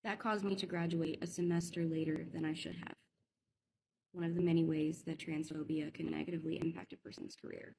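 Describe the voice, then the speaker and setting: A woman speaks in a gravelly, slightly low voice with earnest, measured delivery. A steady hiss of background noise sits under her words. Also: low-quality recording. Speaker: teacher. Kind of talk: video monologue.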